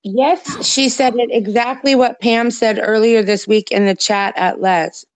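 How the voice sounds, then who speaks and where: A woman co-hosting a late-night livestream chat, ranting emphatically and rapidly with plenty of profanity. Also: fairly high pitch, fairly even intonation, no echo. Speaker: livestream co-host.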